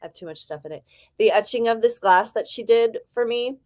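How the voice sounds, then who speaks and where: Hosting a laid-back writing-sprint stream, a woman in her 40s talks fairly quickly in a somewhat high voice with a darkish tone. She has an Ohio accent and a slight lisp, and her chatter is rambling and self-deprecating.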